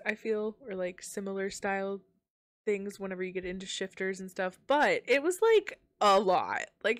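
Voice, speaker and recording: A woman's voice: mid-range voice, no echo. A woman co-hosting a casual book podcast on a livestream, who laughs often, agrees readily and reads out viewer comments. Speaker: podcast co-host.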